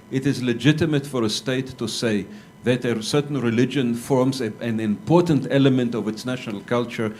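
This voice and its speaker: A male academic panelist answering a conference question in a measured, argumentative way, with hesitant restarts. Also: mid-range voice, a little mellow, slight background noise. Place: lecture hall.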